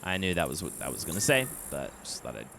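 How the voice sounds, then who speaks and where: A man's voice: a bass voice, sing-song, quick pace, creaky, background noise. A man streaming a narrative game, reading its text aloud and adding wry asides. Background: game music.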